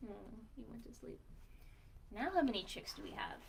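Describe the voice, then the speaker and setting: A woman librarian reading a picture book aloud to young children in a sing-song way, pausing to ask questions and count slowly. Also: on the high side, expressive, creaky, slight background noise.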